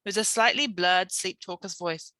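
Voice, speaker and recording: A woman's voice: fairly low pitch, moderate pace, sharp tone, no room sound. A young British woman teacher reading a children's novel aloud, stopping to explain words and checking in with "yeah?". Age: young adult.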